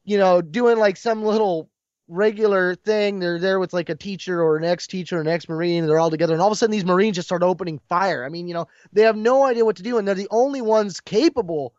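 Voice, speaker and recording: A man's voice: high-pitched, quick pace, a little mellow, no echo. A man in casual chat, retelling a comic scene with emotion and acting out lines. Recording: dull lo-fi dry sound.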